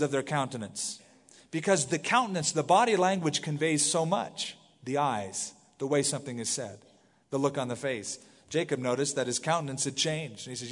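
A middle-aged man, a pastor, giving a conversational verse-by-verse sermon, reading scripture aloud and adding lively asides. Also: a little high, moderate pace. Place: church sanctuary. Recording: long hall reverb from the sanctuary.

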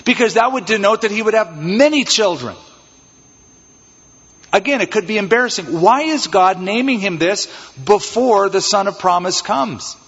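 A man preaching an expository sermon as pastor, animated and acting out little scenes in changed voices. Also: high-pitched, slightly rough. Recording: dull, reverberant church hall sound.

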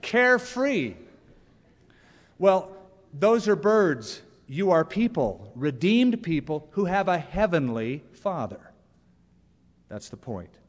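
Animated preacher man in a reverberant hall. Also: fairly high pitch, slow pace, long pauses. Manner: animated, reads quotes with humor. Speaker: pastor. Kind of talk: sermon. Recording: long reverb of a church hall.

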